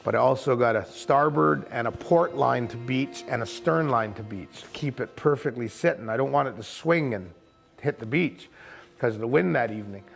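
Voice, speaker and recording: A man who runs a kayak camp and tour boat, telling a first-person story in a vivid, colloquial way with quick asides. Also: mid-range voice, creaky, soft background music.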